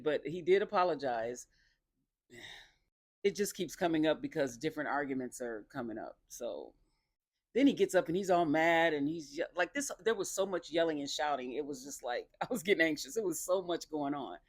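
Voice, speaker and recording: A woman casually recapping a dating reality show, talking in an animated, sassy and exasperated way. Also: low-pitched, dry recording, studio quality.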